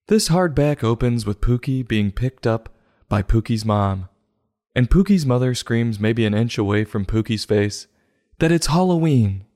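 A man hosts a comic book review show, his voice at a middling pitch. He delivers mock-serious, sarcastic jabs in a deadpan manner. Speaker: host.

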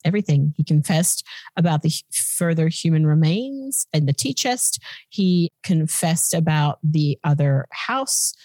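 A woman's voice: deep voice, lively intonation, measured pace, mellow, dry recording. A woman hosting a podcast, casually telling a true-crime story in a chatty, blunt way. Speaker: podcast host.

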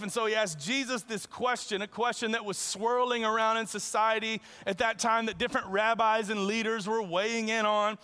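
A male preacher giving an animated, conversational sermon and acting out the dialogue as he goes. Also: sits high, moderate pace, few pauses, smooth. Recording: long reverb in a large hall.

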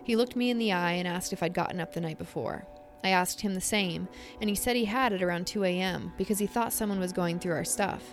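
A young adult woman co-hosting a podcast, reading a scary story and then chatting, with animated, halting storytelling full of fillers. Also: on the low side, soft background music. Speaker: podcast co-host. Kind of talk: casual chat and story reading.

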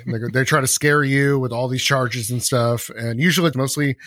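A man co-hosting a podcast in casual chat, ranting with animated energy, acting out quick voices and laughing often. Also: medium pitch, dry recording, clean studio sound. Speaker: podcast co-host.

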